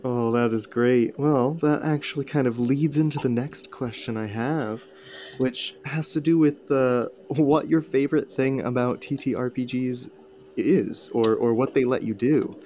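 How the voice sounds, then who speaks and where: A man's voice: mid-range voice, unhurried, warm tone, slight background noise. A man hosting a casual podcast interview, asking questions and laughing along. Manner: friendly, encouraging, laughs often. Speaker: podcast host.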